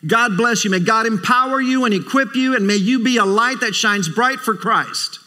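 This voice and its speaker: A man's voice: very high-pitched, normal speed, sharp tone. A man preaching a sermon as a visiting speaker, emphatic, repeating phrases for stress and calling for amens. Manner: calls for amens from the congregation. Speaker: guest preacher.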